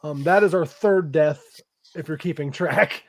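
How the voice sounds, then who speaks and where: His voice leans high and his pace is measured as this podcaster casually recaps a film. Expect profanity, constant "um"s and "like"s, and frequent laughter throughout.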